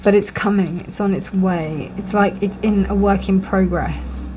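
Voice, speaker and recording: A woman reads tarot cards straight to her viewers in a relaxed, thinking-aloud way. She reassures as she goes, filling pauses with ums and you-knows and yawning now and then. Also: mid-range voice, a little hiss or hum. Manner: musing, reassuring, thinks aloud with many fillers; yawns often during readings. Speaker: tarot reader. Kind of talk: casual tarot reading to camera.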